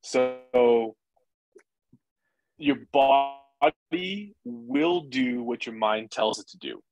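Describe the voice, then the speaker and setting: A man talking as a podcast guest, energetic and profane, acting out inner voices as he explains. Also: mid-range voice, extremely slow, creaky, muffled recording, music in the background. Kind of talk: casual interview chat.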